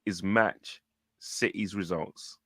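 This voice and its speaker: A man talking through a match in casual, animated chat, often stumbling over and repeating his words. His voice sits fairly low and is recorded close and dry, with no room sound. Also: slow, no echo. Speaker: football fan show co-host.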